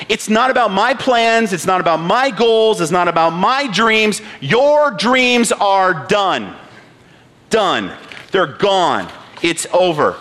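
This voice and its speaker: A man preaching a sermon from a church stage, animated, acting out prayers and asking the audience questions. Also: high voice. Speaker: pastor.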